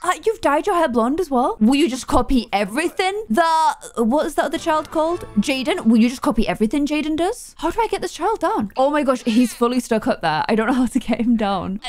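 A young woman narrating her game with a lively, bouncing voice that sits fairly high. She chats casually, exasperated and quick to exclaim at every mishap on screen. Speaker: gaming YouTuber. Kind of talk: casual gameplay commentary.

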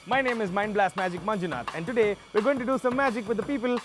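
A man's voice: sits high, fast talker, over music, lightly acted. A man voicing a showy street magician with upbeat presenter patter.

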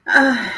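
The audio is poor as a middle-aged Australian woman hosts a livestream at home, greeting viewers by name and chatting emotionally. Her voice sits on the high side and sounds gravelly and a bit bright.

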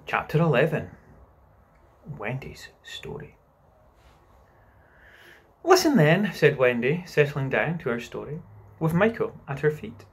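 A man reading a children's novel aloud as narrator, expressive and unhurried. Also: mid-range voice, slightly rough. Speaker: audiobook narrator. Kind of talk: scripted narration.

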